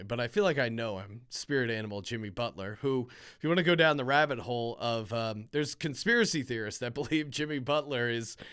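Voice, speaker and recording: Bright, crisp-voiced male podcast host. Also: on the high side. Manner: rambling, animated storytelling with self-deprecating asides. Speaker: sports betting podcast host. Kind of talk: casual podcast chat.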